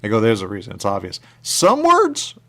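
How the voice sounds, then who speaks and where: A male radio host talks in a loose, rambling way and keeps repeating his pet phrases. His voice sits low with a gravelly edge, yet it swoops up and down with lively animation. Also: normal speed. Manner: repetitive, animated, catchphrase-heavy. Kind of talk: rambling casual chat. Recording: radio studio mic.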